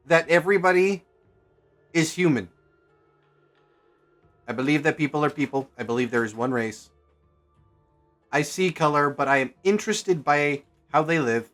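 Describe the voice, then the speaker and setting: A man's voice: a little high, sharp tone. A man streaming a game, chatting casually and thinking aloud as he plays, rambling and correcting himself as he goes. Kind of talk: casual gameplay commentary.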